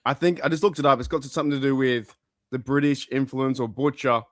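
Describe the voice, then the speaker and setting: A man's voice: medium pitch, a little fast, no echo, clean studio sound. A man from Australia with an Australian accent, a podcast guest telling stories in casual, swearing chat. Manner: swearing, anecdotal, lively storytelling.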